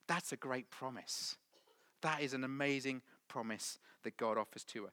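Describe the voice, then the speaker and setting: A middle-aged man preaching a sermon in church, moving between loud emphatic lines and hushed whispers. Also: medium pitch, steady tone, normal speed. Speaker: pastor.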